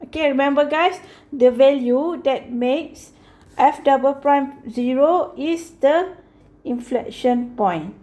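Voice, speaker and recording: Slow, patient woman teaching math. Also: high voice, warm tone. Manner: slow and patient, repeats "okay" often; corrects herself mid-sentence. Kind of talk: explaining a math lesson.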